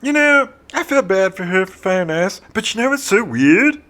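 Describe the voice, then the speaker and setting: A cheery female space colonel pops in to chat, chirpy and quick with a joke, as a man puts her on. The voice sits high and bright, bounces lively between notes, and keeps things light as a comedy bit. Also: exaggerated voice.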